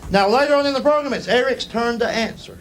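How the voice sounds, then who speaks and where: A man's voice: very high-pitched, fast, fairly bright tone, poor audio. A male stand-up comedian telling folksy stories on stage to a live audience, with drawling punchlines. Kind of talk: storytelling stand-up. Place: theater stage before a laughing audience. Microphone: stage microphone. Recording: live show with crowd laughter and noise.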